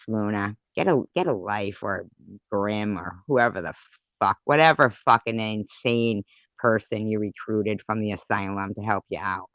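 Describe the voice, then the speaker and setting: A woman's voice: rumbling low, unhurried, fairly bright tone, no room sound, muffled recording. A woman vlogger in an angry, profane rant to the camera, taunting and repeating words for emphasis.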